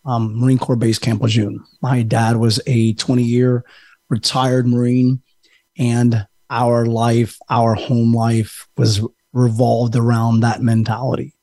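A man with a mid-range voice speaks earnestly as a podcast guest, thoughtful and steady. He is from the United States, and the recording is dry. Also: medium pitch, slow, no echo. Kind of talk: casual interview.

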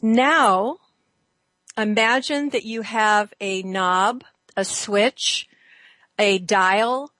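A woman hosting a talk show, leading listeners through a slow, soothing guided exercise with drawn-out phrases. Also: medium pitch, fairly bright tone, no room sound. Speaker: host.

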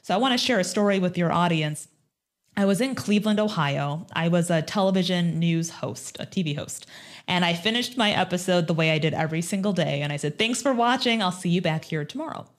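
A woman's voice: fairly low pitch, a little fast. A middle-aged woman, a former TV news host, telling a personal story with animation and acting out the dialogue. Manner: animated, acts out quoted dialogue.

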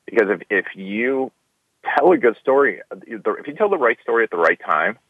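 A man's voice: medium pitch, normal speed, slightly rough, no echo. A man being interviewed as a guest speaker, chatting casually and acting out quoted dialogue as he tells stories. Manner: animated storyteller, acts out quoted dialogue. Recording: dull lo-fi dry sound.

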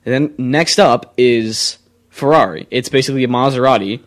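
A young man co-hosting a casual car chat show, opinionated and rambling, quick to argue his point. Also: medium pitch. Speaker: co-host.

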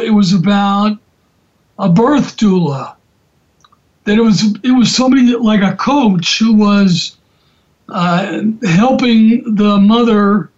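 Slow folksy man, high voice. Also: darkish tone. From Atlanta, USA. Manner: slow, folksy, drawn-out phrasing. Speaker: radio show host, rabbi. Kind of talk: relaxed talk radio hosting. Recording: dull, lo-fi radio audio.

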